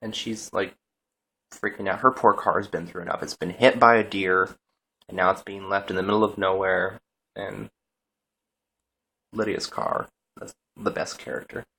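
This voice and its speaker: A man's voice: sits low, fairly even intonation, normal speed, creaky, long pauses, pushed and bright, breathy edge. A young man casually recapping a TV episode, rambling through scenes with lots of "he's like" retellings. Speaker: TV episode reviewer.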